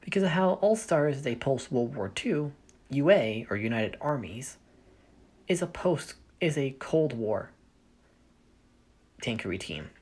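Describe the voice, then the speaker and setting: A woman's voice: a bass voice, big pitch swings, measured pace, pauses often, darkish tone, husky. A woman explaining the setup of her fan story in a casual, rambling way, often stopping to correct herself. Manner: rambling, self-correcting, thinking aloud. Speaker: fanfiction storyteller.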